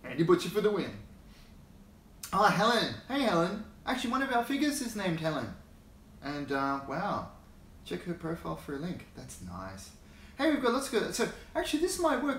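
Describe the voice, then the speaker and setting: A man's voice: high-pitched, fairly bright tone, roomy sound, a little hiss or hum. An Australian man hosting a casual livestream, rambling and chuckling as he greets viewers by name, talking into a phone held in his hand. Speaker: hobby channel host.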